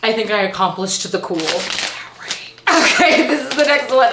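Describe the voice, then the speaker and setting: Excitable woman unboxing books, talks slow, echoey room. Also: a little high. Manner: gushing, excitable, laughs and gasps often. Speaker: book vlogger. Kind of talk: casual unboxing vlog. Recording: echoey room with faint noise.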